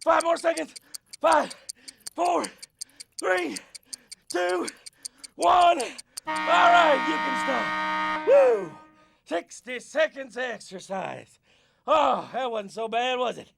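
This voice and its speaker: A man playing a loud, peppy football coach who leads kids through a short workout with shouty, hyped-up cheering. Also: extremely high pitch, wildly swooping pitch, takes it slowly, creaky, a little hiss or hum, heavily acted. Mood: pumped up. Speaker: fitness coach. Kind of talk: scripted kids' fitness skit.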